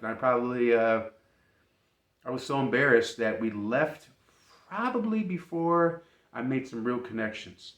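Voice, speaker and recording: A man casually telling an embarrassing personal story, animated and laughing as he goes. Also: medium pitch, a little slow, pauses often. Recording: roomy echo.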